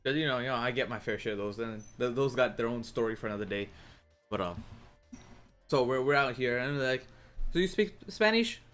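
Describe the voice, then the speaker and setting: A man's voice: medium pitch, steady tone, brisk, fairly bright tone, faint music behind. A young man casually telling a story as a gaming YouTuber, rambling with many fillers and restarts.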